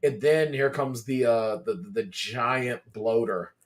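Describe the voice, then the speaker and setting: A man co-hosting a podcast in casual chat, retelling scenes with lively, animated storytelling. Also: medium pitch, slow. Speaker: podcast co-host.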